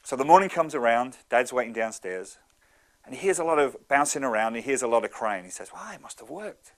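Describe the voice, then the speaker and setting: A man in his thirties giving a motivational talk, telling stories in an animated, conversational way. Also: medium pitch, a little fast. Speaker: speaker.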